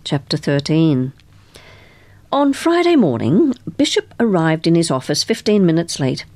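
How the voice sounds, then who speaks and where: A woman narrating an audiobook in a measured storytelling manner. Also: deep voice, big pitch swings, a little mellow, no room sound. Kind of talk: scripted narration.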